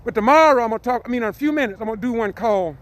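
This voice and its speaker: A man preaching an impassioned message, repeating phrases and swelling into shouted cries. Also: very high-pitched, lively intonation, very fast. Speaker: street preacher.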